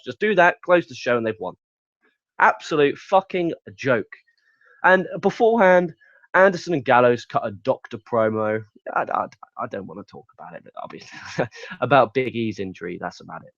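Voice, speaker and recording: A man's voice: medium pitch, no room sound. Man ranting bluntly with a dull, dry sound. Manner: profane, ranting, blunt and exasperated. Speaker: wrestling show reviewer. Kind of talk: casual solo review commentary.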